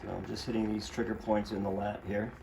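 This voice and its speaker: A man's voice: lowish voice, little pitch movement, brisk, gravelly, background noise. A man working as a chiropractor, coaching a patient through treatment with short, encouraging, repeated commands in a treatment room.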